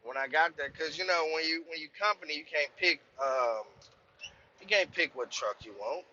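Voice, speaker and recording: Bright-voiced man telling a trucking story. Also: on the high side, moderate pace, muffled recording, slight background noise. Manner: profane, rambling, says "man" often. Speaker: truck driver vlogger. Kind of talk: casual storytelling vlog. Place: inside a truck cab.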